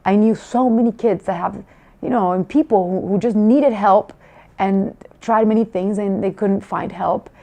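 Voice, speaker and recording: A woman's voice: mid-range voice, fairly even intonation, normal speed, creaky, warm tone, lo-fi sound. Heartfelt woman telling a family story. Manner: emotional, heartfelt, with many restarts. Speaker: parent giving a testimonial. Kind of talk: personal testimonial storytelling.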